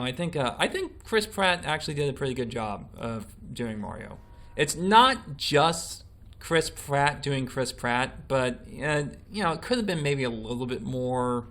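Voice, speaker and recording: A man's voice: mid-range voice, a bit bright. A man hosting a podcast in casual chat, hesitant with many restarts as he moves through the topics.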